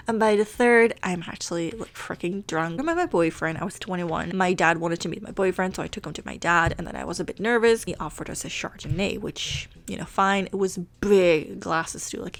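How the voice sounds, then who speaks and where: A woman in her late twenties talks casually over gameplay. Her voice sits a little low, and she mocks herself with frequent laughs and casual swearing. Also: creaky. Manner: chatty and self-mocking, laughs often, swears casually. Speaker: Sims gaming YouTuber.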